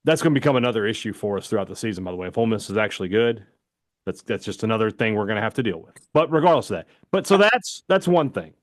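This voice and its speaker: A man co-hosting a sports talk radio show, telling stories and giving takes in an animated, fast-bursting way. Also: on the low side, no room sound, clean studio sound. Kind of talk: casual sports talk chat.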